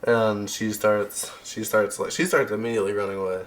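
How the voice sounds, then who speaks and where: A man narrating as game master in a casual, halting way with frequent restarts. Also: on the low side, little pitch movement.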